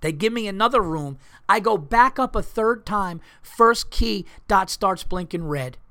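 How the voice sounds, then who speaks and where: Male comic host, casual storytelling rant, animated and profane, slightly high voice. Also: unhurried, gravelly. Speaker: comedian and podcast host.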